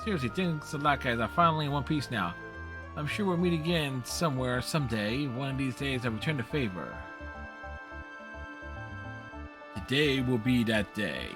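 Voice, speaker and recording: A man's voice: mid-range voice, animated, fairly quick, over music, voice pushed down, lightly acted. A man voicing a cheerful skeleton who used to be a circus clown, jokey and sentimental in a game reading. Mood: grateful.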